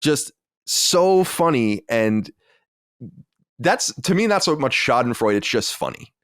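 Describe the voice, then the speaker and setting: Excitable man laughing through stories. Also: mid-range voice, takes it slowly, no echo, clean studio sound. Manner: excitable, laughing, stammering restarts. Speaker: podcast host. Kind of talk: casual chat.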